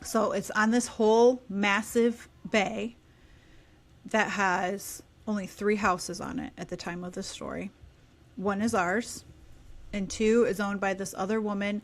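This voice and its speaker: A woman in her thirties, a podcast guest, telling a story animatedly in casual conversation and dropping into quieter asides. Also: medium pitch, steady tone, unhurried.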